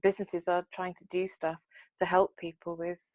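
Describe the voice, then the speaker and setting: A middle-aged woman talking earnestly in a casual podcast chat. Her voice is on the low side for a woman, and she speaks softly and thoughtfully. The recording is close and dry. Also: level tone, normal speed, dry recording. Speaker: podcast co-host.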